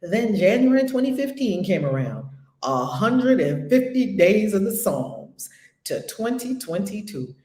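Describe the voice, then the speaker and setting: A woman's voice: medium pitch, very animated, measured pace, mellow, echoey room. A woman hosting a spiritual group call, talking in an exuberant, preacherly way with frequent laughter and repeated phrases. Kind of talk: casual inspirational talk.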